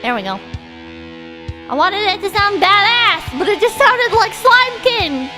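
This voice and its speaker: A woman with a high, bright-sitting voice chats casually to her stream audience. She rambles excitably and swears freely, thanking viewers for donations as she goes. Music plays clearly in the background behind her desk microphone. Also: moderate pace. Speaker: livestreamer reading viewer donations.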